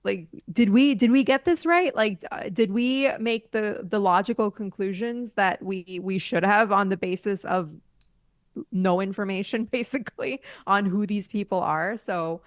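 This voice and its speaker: A woman's voice: medium pitch, unhurried, no room sound. Woman co-host in dry casual chat. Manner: animated, thoughtful, laughs often. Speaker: podcast co-host. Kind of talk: casual chat about a TV series.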